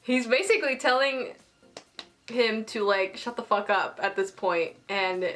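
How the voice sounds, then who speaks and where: A young woman giving a casual, excited episode review, gushing and saying "like" constantly. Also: on the high side, a little slow, faint music behind. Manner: gushing, excitable, heavy use of "like". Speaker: anime reviewer.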